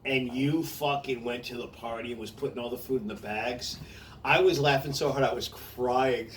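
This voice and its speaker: A man's voice: mid-range voice, steady tone, normal speed, distant mic, slight background noise. A man telling stories in a casual chat, swearing often and laughing through his own stories. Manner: profane, laughing storyteller. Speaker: comedian host.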